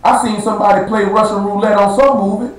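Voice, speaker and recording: A fast-talking man with a high, steady voice delivers a blunt, slangy street-style sermon to a small live-streamed gathering. He stretches out words for emphasis, and the room echoes.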